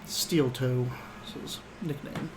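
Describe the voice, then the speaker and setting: A man's voice: mid-range voice, slow pace, over loud music, rough recording. A man running a tabletop game as game master, voicing characters for the players.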